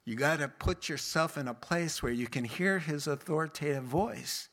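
At a normal speed and with a rather high voice, this man delivers a sermon full of Bible stories, voicing the quotes in a lively way and breaking into laughter throughout.

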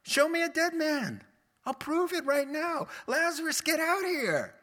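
A preacher voicing a bold, commanding miracle worker. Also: male voice, very high voice, very animated, measured pace, sharp tone, voice pushed up, heavily acted. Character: commanding male teacher raising the dead.

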